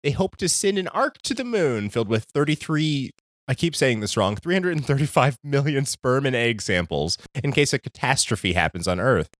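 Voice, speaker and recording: A male podcast co-host in loose, joking chat, laughing often. His pitch leaps all over the place as he talks, and the sound is close and dry with no room echo. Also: normal speed. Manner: animated, laughs often, swings pitch widely. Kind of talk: casual chat.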